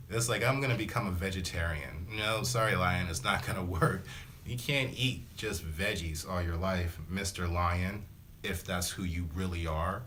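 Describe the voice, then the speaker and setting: A spiritual self-help vlogger gives a casual motivational talk to camera, rambling with plenty of slang fillers and acting out small voices for his examples. His deep voice has a sharp tone and a slightly slow pace.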